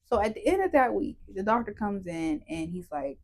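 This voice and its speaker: Animated woman telling a hard testimony. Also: mid-range voice, normal speed. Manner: animated, emotional storytelling that acts out quoted voices; laughs through hard memories. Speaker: guest telling her testimony. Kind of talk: personal testimony in a podcast interview.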